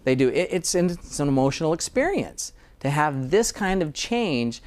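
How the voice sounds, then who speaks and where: A man's voice: on the high side, big pitch swings, moderate pace, a little mellow. A middle-aged American dentist in a casual interview, earnest and sometimes getting emotional about his work. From United States.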